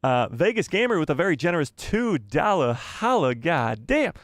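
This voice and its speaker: A man's voice: fairly high pitch, very animated, moderate pace, no echo, clean studio sound. A man hosting a live fan stream, chatting casually in a rambling, self-deprecating, joking way. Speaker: host of a live fan show.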